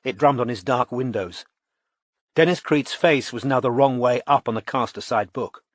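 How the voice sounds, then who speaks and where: A man reading a novel aloud as an audiobook narrator, in a measured, even storytelling manner. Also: medium pitch, dry recording, studio quality. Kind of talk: scripted narration.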